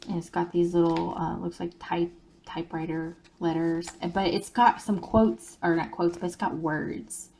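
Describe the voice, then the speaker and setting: A woman's voice: fairly low pitch, creaky, darkish tone, slight background noise. A woman, chatting casually as she shows a crafting project in her own video. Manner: chatty, folksy, with fillers and small laughs.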